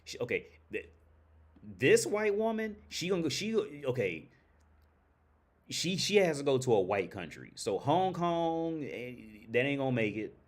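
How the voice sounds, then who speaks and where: A man's voice: mid-range voice, very animated, a little slow. A man hosting a livestream, talking bluntly and profanely in a rambling, casual way, often restarting sentences. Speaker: livestream host.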